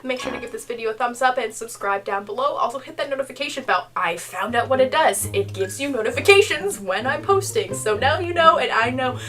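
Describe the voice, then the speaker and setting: High-voiced young woman telling a story. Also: fairly quick, hardly any pauses, recorded from a distance. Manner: exasperated, animated storytelling with frequent "okay?". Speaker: YouTuber. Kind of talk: storytime vlog.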